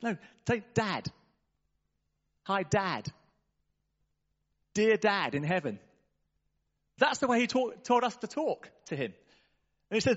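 A man preaching a sermon in a church, talking in a conversational, animated way and calling out to the congregation. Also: high-pitched, highs cut off.

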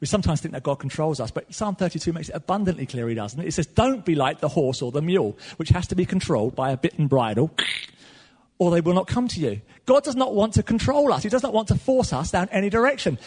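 A man preaching a sermon in a church hall, animated and swinging between loud and soft. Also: on the high side, fast talker, slightly rough. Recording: long reverb of a large hall.

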